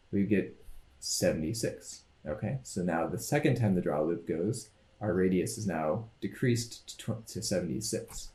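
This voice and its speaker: A man teaching a coding lecture over his screen, explaining each step in a relaxed, thinking-aloud way. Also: lowish voice, roomy sound. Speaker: instructor.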